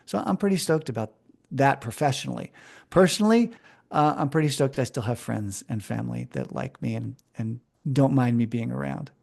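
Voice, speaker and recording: A man speaking as a guest on an interview podcast, talking with animated enthusiasm and frequent restarts. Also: medium pitch, normal speed, gravelly. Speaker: interview guest, brand strategist. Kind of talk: casual conversational interview.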